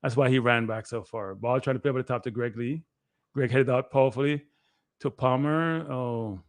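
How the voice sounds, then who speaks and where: A man, a guest analyst giving excitable live play-by-play commentary on a match he is watching. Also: medium pitch, moderate pace, no echo. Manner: excitable, play-by-play that bursts into shouting.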